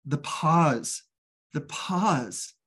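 A man candidly telling his personal recovery story as a guest, halting and restarting often, earnest and open. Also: on the high side, animated, a bit bright, breathy edge.

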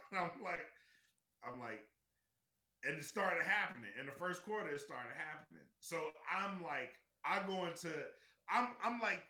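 A man co-hosting a casual podcast, telling a story with animated energy and plenty of swearing. His voice is sharp and very bright, and it rises and falls widely. The room around him is roomy and echoey. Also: a little high, a little slow. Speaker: podcast co-host. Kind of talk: casual chat.

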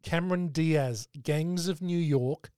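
A man hosts a casual film podcast in a fairly high voice. He talks bluntly and swears freely. The sound is dry and close. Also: slow pace, mellow, clear, resonant tone, no room sound. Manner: blunt, sweary, leads the segments. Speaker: podcast host.

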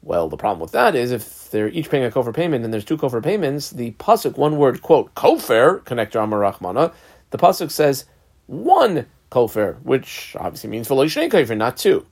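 A man's voice: medium pitch, sing-song, moderate pace, a little mellow, breathy edge. Casual man teaching Talmud. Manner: reads the text aloud, then explains it in a casual, conversational way. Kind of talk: daf yomi Talmud lesson.

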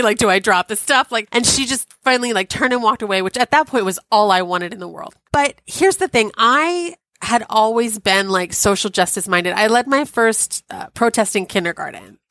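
A woman in her forties, a podcast guest, telling a personal story in a chatty, wry and animated way with many asides. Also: on the high side, no echo. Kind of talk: storytelling in an interview.

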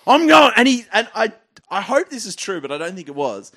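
A man with an Australian accent, a comedian telling stories with loud, animated delivery. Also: sits high, fairly quick, dry recording, studio quality. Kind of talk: comedy podcast storytelling.

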